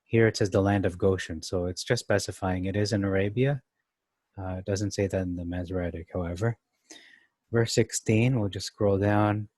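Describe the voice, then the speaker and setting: A man's voice: deep voice, fairly even intonation, moderate pace, a little mellow, no room sound. A man teaching through a Bible chapter, thinking aloud as he reads and explains verses, comparing translations. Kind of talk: casual Bible study commentary.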